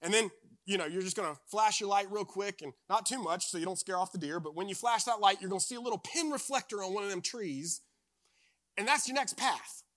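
A teasing backwoods hunting guide with a deep Southern drawl, put on by a preacher. He gives loud, matter-of-fact instructions in a high, bright voice. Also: brisk. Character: gruff rural man, a hunting guide who teases people.

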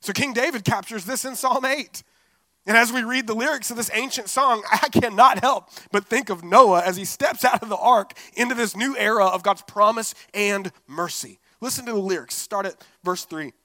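Preacher, male, high bright voice, lively and conversational, dry close mic. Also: normal speed, no room sound. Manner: expressive preaching, casual asides with "like" and "right?". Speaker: pastor. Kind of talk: sermon.

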